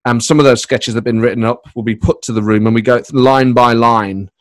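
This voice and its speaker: A man's voice: mid-range voice, steady tone, no echo, studio quality. A man, a comedy writer and voice performer, chatting casually in an interview from his spare room, rambling and breaking into his own sentences. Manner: rambling, self-interrupting, with quick bursts of put-on voices. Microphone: microphone on a laptop.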